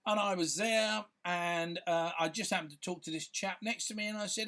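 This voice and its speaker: A man's voice: high-pitched, moderate pace, hardly any pauses, sharp tone. A man, a filmmaker talking casually to camera in a rambling, chatty way, full of fillers and restarts. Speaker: filmmaker and content creator.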